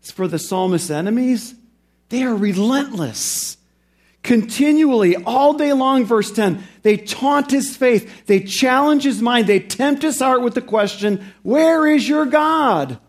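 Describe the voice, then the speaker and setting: A man with a notably high voice preaches a sermon, reading scripture and then explaining it. On the big points he slows right down and lifts his voice for emphasis. On the quieter reflective points he sinks low and soft. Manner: preaches with slow, emphatic rises on key phrases. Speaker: pastor.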